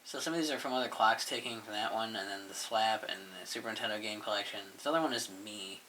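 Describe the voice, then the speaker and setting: Sharp, bright-voiced rambling man. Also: fairly low pitch, quick pace, a little hiss or hum. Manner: rambling, mumbling, swears offhandedly. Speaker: YouTuber reviewing his channel. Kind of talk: casual rambling commentary.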